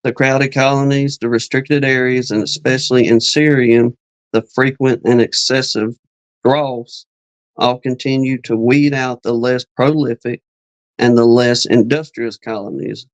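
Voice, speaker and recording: Man reading aloud in a flat voice. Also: mid-range voice, dry recording, dull audio. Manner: reads slowly, stumbles on words and adds asides. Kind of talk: reading a beekeeping text aloud on a live chat.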